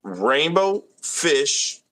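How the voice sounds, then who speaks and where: A man's voice: a little high, big pitch swings, very slow, sharp tone. A young man hosting a casual live stream, reading viewer comments aloud with a laid-back, laughing manner.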